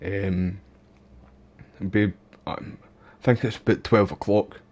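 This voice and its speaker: Scottish male streamer, casual and foul-mouthed, fairly low voice, talks gameplay with chat. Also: fairly even intonation, takes it slowly, darkish tone. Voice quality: laid-back, swears casually, calls viewers mate and bro. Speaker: gaming live streamer.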